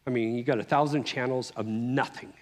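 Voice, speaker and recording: A middle-aged man giving a personal testimony speech at a conference, telling his story in an animated way with frequent restarts. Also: medium pitch, a little fast. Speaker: conference speaker. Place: conference hall. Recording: long reverb of a large hall.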